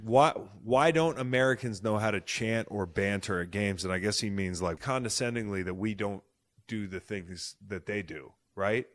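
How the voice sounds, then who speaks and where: A man in his thirties hosting a podcast, talking in excitable, profane, jokey banter. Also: on the low side, moderate pace. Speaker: podcast host. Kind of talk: casual chat.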